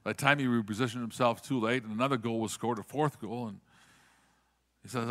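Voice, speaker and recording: A man's voice: medium pitch, fairly even intonation, brisk, a bit bright. A man preaching a sermon, telling a story earnestly and repeating words as he starts sentences.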